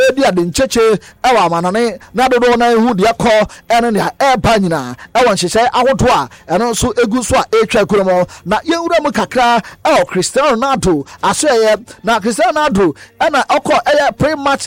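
A Ghanaian man with a very high voice reads the sports news on the radio. He tells his stories with lively, acted-out quotes, and the sound is close and dry. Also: a little fast, few pauses, dry recording. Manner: lively, storytelling with mimicked quotes.

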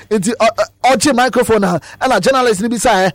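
A man with a Ghanaian accent presenting radio sports news, telling stories with lively mimicked quotes. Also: extremely high pitch, fairly quick, hardly any pauses, no echo.

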